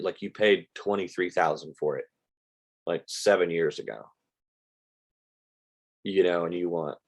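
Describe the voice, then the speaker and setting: An older American man teaching real estate investing in a casual live stream, telling stories and quoting conversations with sellers. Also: low voice. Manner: chatty storyteller, quoting conversations, says "like" a lot.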